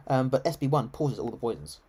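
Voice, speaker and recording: Man, English RP accent, live game commentary, chatty, rambling, self-correcting, average pitch. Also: a little mellow, husky. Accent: English, received pronunciation. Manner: chatty, rambling, many ums and restarts. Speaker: game streamer.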